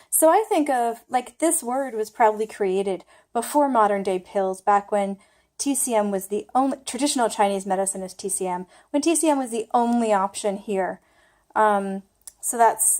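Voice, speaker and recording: A woman's voice: medium pitch, a little mellow. A young woman casually talking through her own study flashcards, thinking aloud and poking fun at herself as she tries to remember. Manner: chatty, thinks aloud, self-deprecating. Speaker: language learner sharing study method.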